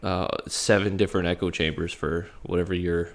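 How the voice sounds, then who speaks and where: A man's voice: deep voice, fairly even intonation, a little fast. A man co-hosting a live podcast, chatting casually with many fillers and frequent laughs. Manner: laughing, meandering, filler-heavy. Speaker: podcast co-host.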